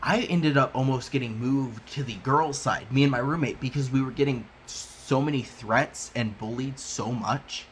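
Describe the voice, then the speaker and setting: A young man talks straight to the camera in a casual, meandering way, backing up and restarting sentences as he goes. He acts out snatches of what others said. His voice sits at an ordinary middle pitch, with a faint noise floor under the recording. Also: normal speed, few pauses, rough recording. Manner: rambling, restarts a lot, acts out quotes. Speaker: vlogger. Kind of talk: casual storytelling.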